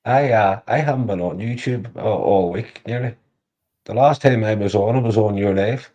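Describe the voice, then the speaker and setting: A man's voice: on the low side, normal speed, warm tone, lo-fi sound. A man chatting casually on a livestream, crude and joking, swearing freely. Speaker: livestream co-host. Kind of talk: casual live chat.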